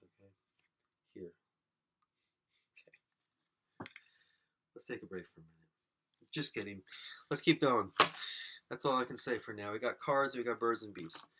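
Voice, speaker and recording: Pausing often at a normal speed, a man with a fairly low voice hosts a silly podcast alone against a noisy background. His comedic monologue rambles absurdly and is self-mocking, addressed to an imagined audience.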